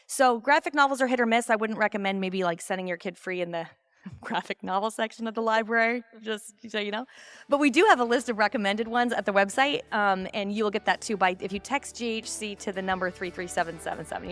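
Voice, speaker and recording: A woman's voice: medium pitch, a little fast, fairly bright tone, dry recording, faint music behind. Informal woman giving a talk, dry close sound. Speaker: convention speaker. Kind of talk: talk to an audience.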